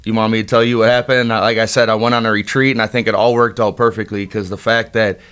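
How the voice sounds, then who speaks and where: A man on a casual podcast telling a story with excited, hyped-up energy. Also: on the low side, quick pace, clean tone. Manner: excited, hypes up his story, repeats himself. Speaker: guest friend on a podcast.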